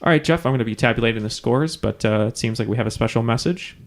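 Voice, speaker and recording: A man with a gravelly, creaky voice at an average pitch, keeping score on a trivia podcast. He talks loosely, cracks jokes, and fills his sentences with "uh" and "um". It sounds like casual, unscripted banter. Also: fast. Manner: loose, joking, lots of filler.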